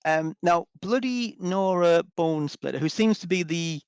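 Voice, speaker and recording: A man's voice: high voice, measured pace, clean tone, dry recording. A man running a tabletop game as game master, narrating with many fillers and restarts.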